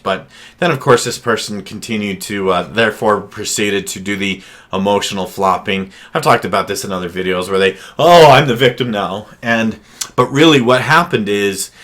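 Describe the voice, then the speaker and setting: A man's voice: fairly low pitch, bright, forceful tone. A counselor, a man, giving casual advice on handling difficult people, with many fillers and restarts.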